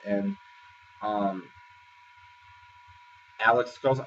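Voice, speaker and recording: A man's voice: mid-range voice, unhurried, pauses often, pushed and bright, a little hiss or hum. A man casually recapping a reality show episode in a rambling, filler-heavy way. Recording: distant, dull lo-fi sound with faint ambience.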